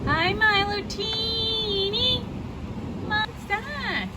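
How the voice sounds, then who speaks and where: A woman talking baby talk to her pet parrot in a high, cooing sing-song voice, at home by a window. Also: expressive, takes it slowly. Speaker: pet owner. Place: home by a window during a storm. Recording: loud rain noise behind.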